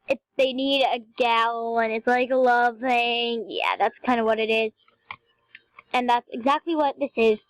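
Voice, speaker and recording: A woman's voice: on the high side, no echo, poor audio. A young female gamer chatting to viewers in a rambling, casual way as she plays. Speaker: game video narrator. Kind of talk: casual gameplay commentary.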